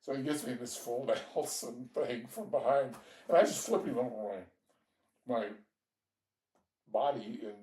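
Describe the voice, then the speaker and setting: An older man from Georgia in the United States tells his life story as an interviewee, rambling through relaxed tales of his youth with small laughs along the way. His voice is medium-pitched and darkish, a little slow with long pauses. He is recorded from a distance, off-mic in an echoey room.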